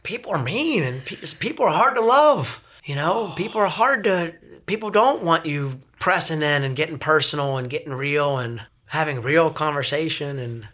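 A middle-aged man telling personal stories as a podcast guest, earnest and animated, often repeating words as he starts a sentence. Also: a little high, normal speed, hardly any pauses. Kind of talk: casual storytelling.

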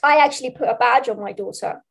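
A woman's voice: on the high side, fast talker, creaky. A middle-aged woman, a speech practitioner and parent, talking earnestly in an interview, often repeating words and saying "you know". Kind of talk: conversational interview.

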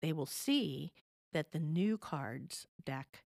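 A woman's voice: low-pitched, lively intonation, slow, creaky, darkish tone, no echo, studio quality. A middle-aged woman giving parenting advice as an interview guest, patient and explanatory, often checking in with the listener.

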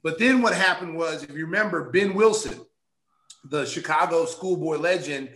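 A middle-aged man, a former basketball player, telling stories in a sit-down interview, acting out what people said with big jumps in pitch. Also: normal speed, reverberant. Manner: animated storyteller, acts out quotes with big pitch jumps.

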